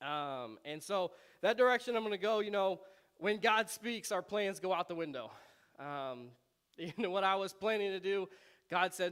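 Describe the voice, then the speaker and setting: A man, a pastor, preaching a conversational sermon in a relaxed, chatty way, often laughing and with frequent ums. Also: high-pitched, normal speed, clean tone.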